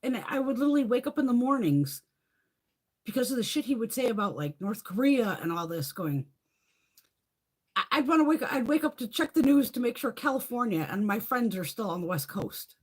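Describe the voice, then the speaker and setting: Profane, animated middle-aged woman ranting. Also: fairly high pitch, a little fast, husky. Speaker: live stream host. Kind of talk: casual live chat rant.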